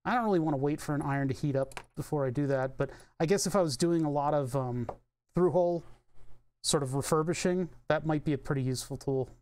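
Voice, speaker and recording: A man's voice: on the high side, quick pace, darkish tone. A man chatting casually on a live stream while soldering at his electronics bench, rambling and thinking aloud with offhand swearing. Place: home electronics workbench.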